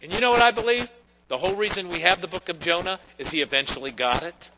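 This sermon comes from a male pastor whose voice sits high, and he keeps things conversational while dropping in quick quoted asides from figures. Background noise runs under the recording.

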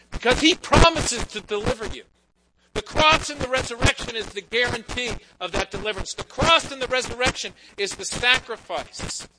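High-voiced male pastor preaching. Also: low-quality recording. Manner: conversational preaching, quoting figures in quick asides. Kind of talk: sermon.

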